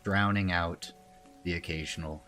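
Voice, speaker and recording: A man as game master, narrating a tabletop role-playing scene in a slow, calm, descriptive way. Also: low-pitched, faint music behind.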